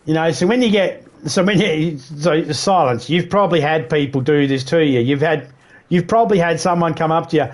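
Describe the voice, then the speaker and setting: Australian male streamer, slightly high voice, rambling and profane, casual chat with viewers. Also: normal speed. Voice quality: swears freely, rambling, mimics accents. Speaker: livestreamer chatting with viewers.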